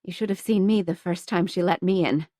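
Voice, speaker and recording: Pia is an anxious young woman, raising her voice high and urgent in a dry audiobook read, as a woman narrator plays her. She sounds breathless and emotional. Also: fairly quick, warm tone, no echo, natural voice.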